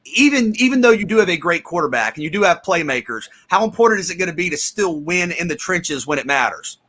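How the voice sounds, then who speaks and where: Bright, fast-talking sports host. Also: male voice, sits high, sing-song. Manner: brisk, introduces guest, asks pointed questions. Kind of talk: sports talk hosting.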